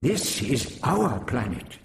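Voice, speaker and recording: A man voicing a winged male alien with a high-pitched, stilted way of speaking, slow and grave. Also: sing-song, creaky, slight background noise, heavily acted.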